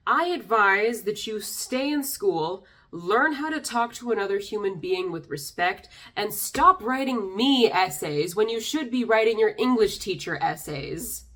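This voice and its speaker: A woman's voice: medium pitch, a bit bright. A young woman vlogger reacting to comments in a sarcastic, exasperated way, a little tipsy. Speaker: YouTuber reading comments. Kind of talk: casual commentary.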